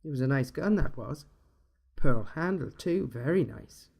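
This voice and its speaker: Guy doing a soft-spoken little irish man, easygoing, knows too much, mellow low-key voice. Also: creaky, breathy edge, heavily acted. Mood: calm, knowing. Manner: relaxed, unhurried. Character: small friendly Irish man, calm, knowing.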